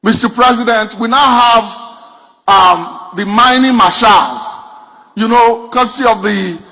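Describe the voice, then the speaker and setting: Nigerian guy doing standup, high husky voice, punchy stories. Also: a little slow, bright, forceful tone. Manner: addresses the audience directly, punchy storytelling. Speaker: comedian. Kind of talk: stand-up comedy routine.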